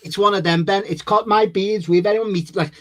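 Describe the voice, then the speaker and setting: A man's voice: sits high, fairly quick, fairly bright tone. A man co-hosting a podcast, telling stories in a laid-back, chatty way. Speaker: podcast co-host. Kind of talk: casual chat.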